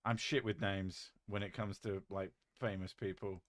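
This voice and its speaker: A British man chatting casually on a live stream, reading chat aloud with a joking, deadpan manner and casual swearing. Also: deep voice, normal speed, no echo, studio quality.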